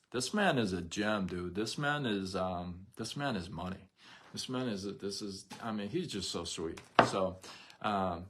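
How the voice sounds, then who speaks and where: A man's voice: mid-range voice, a bit bright. A middle-aged man hosting a casual motivational live stream, talking animatedly with restarts and speaking to viewers in the chat.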